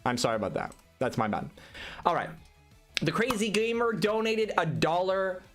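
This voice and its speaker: A man chatting casually on a live gaming stream, animated, rambling and self-deprecating. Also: high voice, moderate pace, soft background music.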